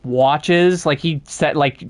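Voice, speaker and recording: A casual podcast co-host at a middle pitch. The speech is hesitant and full of fillers, with a relaxed habit of swearing. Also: slow pace. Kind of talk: casual chat.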